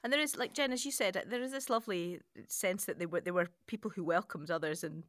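A woman's voice: medium pitch, fast, fairly bright tone, no room sound, clean studio sound. A woman co-hosting a Bible discussion, speaking conversationally and asking reflective questions. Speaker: co-host guiding the discussion. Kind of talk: casual discussion.

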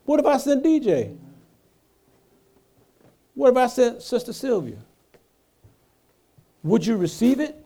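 Male pastor, sermon delivery: unhurried, animated, from quiet asides to loud emphatic peaks. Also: extremely high pitch. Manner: call-and-response preaching, rhetorical questions to the congregation; swings between hushed asides and loud emphatic lines.

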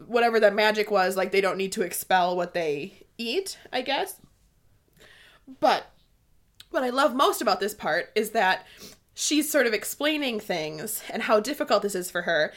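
A woman's voice: mid-range voice, a bit bright. A young woman co-hosting a casual book discussion, bubbly and laughing often as she reads passages aloud. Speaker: podcast co-host.

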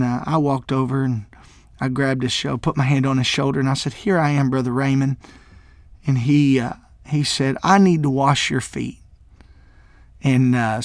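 A man from Mississippi who serves as a minister, sharing a personal testimony in a halting way, with many fillers and restarts, and growing emotional and tearful at times. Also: mid-range voice, no echo.

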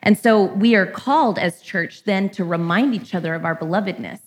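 A woman's voice: medium pitch, normal speed. A woman pastor giving a sermon in a candid, conversational way, with light irreverence, ending in prayer.

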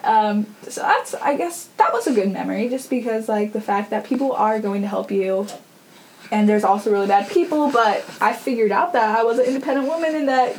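A woman's voice: fairly high pitch, moderate pace, darkish tone, slight background noise, rough recording. A young woman hosting a podcast, telling a story in a chatty, casual way full of fillers and laughter. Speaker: podcast host.

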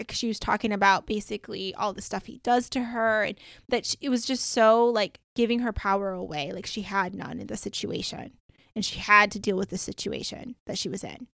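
A woman podcast host and coach telling a story in a casual, chatty way, full of "like"s and lively retelling. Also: medium pitch, no room sound, studio quality.

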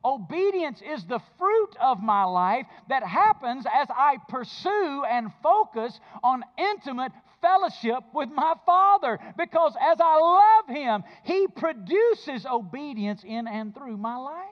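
A man preaching a sermon, moving between low intimate speech and loud emphatic bursts. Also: very animated, unhurried, few pauses, highs cut off. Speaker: pastor.

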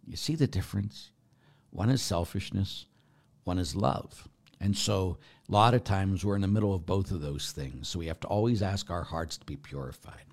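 A middle-aged priest with a fairly low voice talks through a point of faith like a chat rather than a formal sermon. He wanders off on tangents and keeps checking in with his listeners through quick rhetorical questions. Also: gravelly. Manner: rambling, goes off on tangents, asks listeners rhetorical asides. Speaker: Catholic priest. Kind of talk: conversational teaching on faith.

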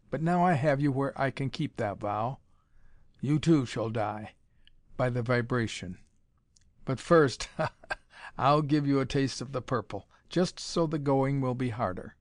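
A man's voice: mid-range voice, dry recording, lightly acted. A man voicing a cruel, mad old emperor who gloats and threatens, in a dry recording. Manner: gloating, menacing.

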